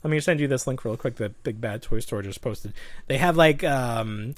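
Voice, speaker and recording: A man's voice: mid-range voice, moderate pace, no echo. A man co-hosting a casual podcast, rambling and laughing often as he chats. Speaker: podcast co-host.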